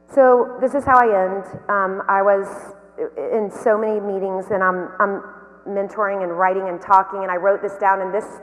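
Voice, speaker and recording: A woman giving a motivational keynote talk, telling anecdotes in a lively, storytelling way. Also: medium pitch. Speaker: keynote speaker and company founder. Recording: long hall reverb.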